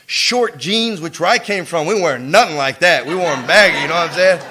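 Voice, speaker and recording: A man's voice: on the high side, fairly quick, few pauses. A man speaking at a recovery meeting, telling a streetwise story full of slang and swearing and acting out what people said. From United States. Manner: animated, acts out quotes with laughter. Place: meeting room before an audience.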